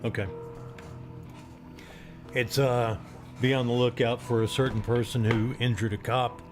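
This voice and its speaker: A man's voice: mid-range voice, flat delivery, a little slow, music in the background. A man hosting a casual live stream, easygoing and laughing along as he thanks viewers. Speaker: host.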